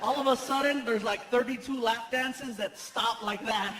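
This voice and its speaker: High-voiced man doing stand-up. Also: moderate pace. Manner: animated storyteller who acts out other characters' voices. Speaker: stand-up comedian. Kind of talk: stand-up comedy storytelling. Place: large theater with a live audience. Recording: live stage recording with audience noise.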